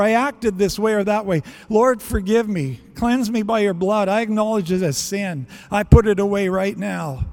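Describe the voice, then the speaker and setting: A man's voice: high voice, big-room sound. A man preaching a sermon in earnest, acting out prayers and bits of dialogue as he goes. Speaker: pastor.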